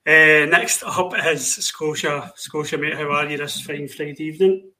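Man, podcast host, bright tone, flat pitch, joking banter. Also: normal speed, a little hiss or hum, low-quality recording. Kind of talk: casual podcast chat.

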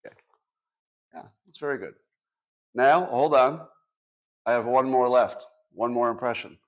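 A man's voice: medium pitch, measured pace, dull audio. A man in his sixties hosting a casual livestream, talking to his audience with dry sarcastic asides. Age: 60s. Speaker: podcast host.

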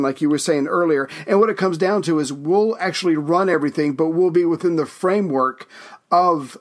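History podcast guy, kinda high voice, laughs a lot, retells stuff in his own words. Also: a little fast. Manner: animated, laughs easily, retells quotes. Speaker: podcast co-host. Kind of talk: casual history narration.

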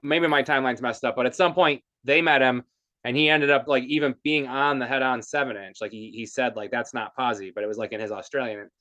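A man's voice: mid-range voice, fairly even intonation, a little fast, sharp tone. A man hosting a podcast, asking questions in a chatty way with lots of fillers. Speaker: podcast host. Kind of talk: casual interview.

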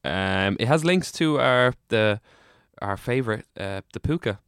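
A man with an Irish accent co-hosting a comic podcast, relaxed and explanatory. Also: lowish voice, a little slow, clean tone, dry recording, studio quality. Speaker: podcast co-host. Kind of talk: casual comic banter.

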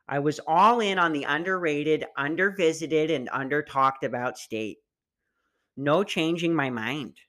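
A man's voice: a little high, pushed and bright. A man putting on the voice of a chirpy, heavyset Midwestern woman travel blogger for a mocking read-aloud.

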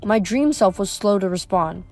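A woman reading a novel aloud in a steady, plain storytelling voice. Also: mid-range voice, moderate pace, faint music behind. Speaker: reader. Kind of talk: audiobook reading.

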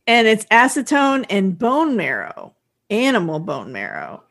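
A podcast co-host with a mid-range, slightly bright voice shows vocal fry and wildly swooping pitch at a measured pace. In a casual episode recap chat, she retells a TV episode scene by scene, acting out quotes and laughing often.

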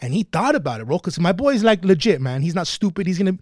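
A fired-up man talks through a story in casual podcast chat, cursing freely. His voice sits a little high for a man. The dry, close mic keeps the room quiet. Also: sing-song, quick pace, no room sound. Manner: passionate, swearing, tells stories. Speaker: podcast guest.

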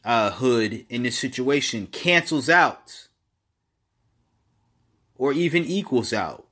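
A man giving casual opinion commentary alone, halting and repeating words, then pressing his points with emphasis. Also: mid-range voice, expressive, fairly bright tone.

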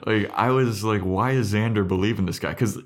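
A man's voice: fairly low pitch, a little fast. A man co-hosting a podcast in casual chat, retelling scenes animatedly, acting out characters' lines and swearing casually. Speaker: podcast co-host.

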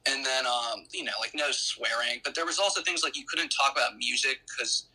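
A man with a very bright, edgy voice that carries a husky grain. He recounts his story in a loose, rambling way, circling back with restarts and fillers as a guest in an interview. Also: mid-range voice, brisk, low-quality recording.

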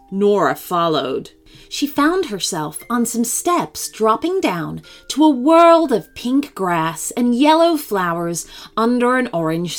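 A woman reading a children's story aloud in an expressive way. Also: fairly high pitch.

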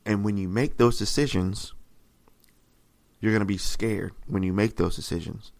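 A man preaching a sermon in a conversational, repetitive way, often checking in with "right?" and rising in pitch and volume to stress a point. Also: steady tone, moderate pace, creaky, a little mellow. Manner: rises in pitch and volume for emphasis.

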